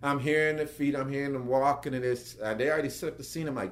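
Brief: male actor guest, animated storyteller, jumps up in pitch to act out quotes, mid-pitched voice. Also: fast talker, few pauses, slight background noise. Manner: lively, acts out quotes with big pitch jumps.

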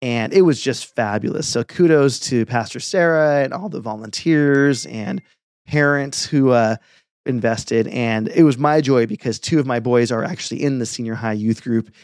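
Middle-aged pastor for casual chat, gravelly edge, dry close sound, earnest storyteller. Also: male voice, medium pitch, moderate pace, a little mellow, dry recording.

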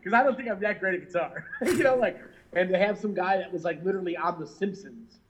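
A man, a touring musician, telling animated, laughing stories over a remote call in a casual interview. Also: sits high, fast, lo-fi sound. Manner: animated, laughing, swearing, lots of "like" and "you know". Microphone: remote call mic.

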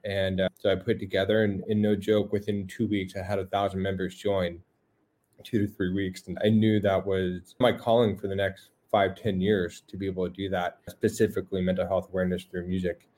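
Chatty man with a low voice. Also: a little fast. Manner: relaxed, chatty, repeats words when starting. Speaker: guest, mental health coach. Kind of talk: casual interview chat.

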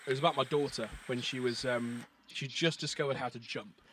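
A man's voice: mid-range voice, steady tone, fairly bright tone, slight background noise. A man in his thirties, a beatboxer and English teacher, chatting casually on a podcast in a hesitant way with many restarts. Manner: hesitant, many restarts, reads poetry slowly and measured.

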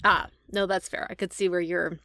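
A woman's voice: on the low side, little pitch movement, moderate pace, fairly bright tone, dry recording, studio quality. A woman co-hosting a podcast in casual chat, playfully quizzing her co-host. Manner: playful quizzing, frequent laughs.

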